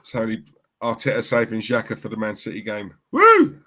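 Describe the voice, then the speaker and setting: A man's voice: lowish voice, level tone, fairly quick, a bit bright. A man co-hosting a live football watchalong, chatting in slangy banter with the viewers and his co-host. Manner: chatty, banter-heavy, slangy, laughs a lot. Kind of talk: casual live-stream chat.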